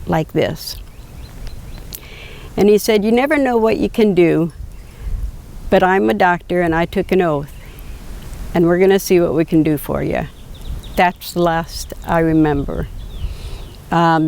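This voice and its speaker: Slow gravelly older woman telling her story. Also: fairly low pitch, a little mellow. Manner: slow, reflective, quoting dialogue with hesitations. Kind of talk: personal storytelling.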